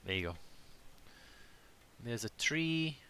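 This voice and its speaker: A man's voice: mid-range voice, animated, slow pace, sharp tone, slight background noise. A man chatting casually on a live game stream, rambling, self-deprecating and swearing freely, sometimes muttering to himself.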